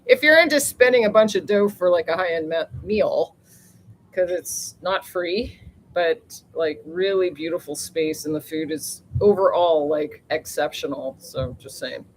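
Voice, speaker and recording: A woman's voice: lowish voice, measured pace, slight background noise, poor audio. A woman hosting a rambling casual live chat outdoors near the ocean on a phone, talkative, laughing often and swearing lightly. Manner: chatty and rambling, mild swearing, frequent laughs. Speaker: live-stream host.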